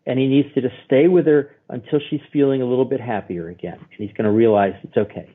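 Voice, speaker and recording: A man, a guest therapist, explaining in an animated storytelling way and acting out the voices he quotes. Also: mid-range voice, fast, breathy edge. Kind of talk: expressive explaining. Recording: tinny phone-like line.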